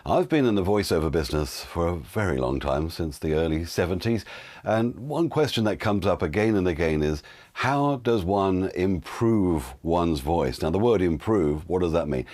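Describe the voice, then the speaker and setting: A man's voice: deep voice, animated, moderate pace, darkish tone. An older man, a voiceover teacher, giving casual spoken tips with frequent fillers. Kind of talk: casual instructional talk.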